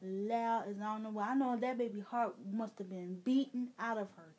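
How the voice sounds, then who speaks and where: A woman's voice: on the high side, fairly even intonation, moderate pace, a little mellow. A woman with a Chicago accent, ranting casually and indignantly to her viewers, rambling with fillers. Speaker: gaming vlogger. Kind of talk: casual venting rant.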